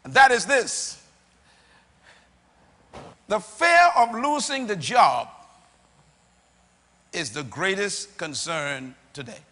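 A man preaching a sermon to a live congregation, rousing them into call-and-response with bursts of shouting, recorded in a large church hall. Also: sits high, sing-song, takes it slowly, long pauses. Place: church or auditorium. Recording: long reverb of a large hall.

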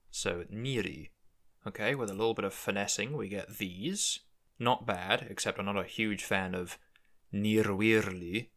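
A man's voice: low-pitched, vocal fry, fairly bright tone. A man hosting a language-building tutorial, thinking aloud as he works through word forms. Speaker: conlang video host. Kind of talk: screen-recorded tutorial narration.

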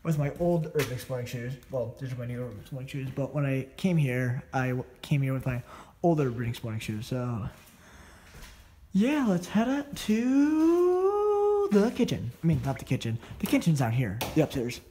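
A man's voice: mid-range voice, fast talker, dark tone, echoey room, a little hiss or hum. A man narrating as he explores an abandoned house, a bit out of breath, rambling and often correcting himself, filmed on a phone. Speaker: urban explorer vlogger. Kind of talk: casual walkthrough narration. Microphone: phone held while filming.

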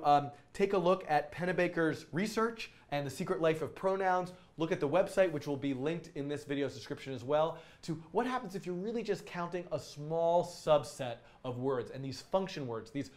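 A man's voice: on the high side, a little mellow. A man teaching a casual programming video lesson, enthusiastic and rambling, with frequent fillers and restarts. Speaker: coding instructor.

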